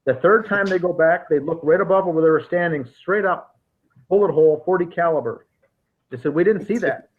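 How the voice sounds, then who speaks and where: Heard on a tinny line that sounds like a phone, a man hosting a podcast speaks slightly fast in a somewhat high voice. His casual investigative talk lays out case details methodically, though he keeps restarting.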